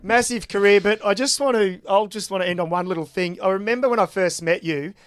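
A man co-hosting a podcast, telling stories in a lively, casual way. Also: sits high, brisk. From Australia. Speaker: podcast co-host.

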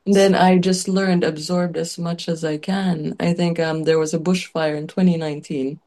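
A woman with a somewhat low voice tells her life story in a loose, chatty way. She fills her talk with "like" and "um" and laughs lightly between phrases, her voice wavering at times as tears come. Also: level tone, moderate pace, mellow. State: tearful at times. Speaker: chef, interview guest. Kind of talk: emotional personal storytelling.

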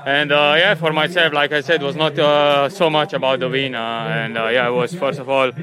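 A man gives a halting post-race interview, filling gaps with lots of uhs. A loud crowd fills the background. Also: on the high side, fairly even intonation, rough recording. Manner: halting, many filler sounds. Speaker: interviewed athlete. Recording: crowd noise behind.

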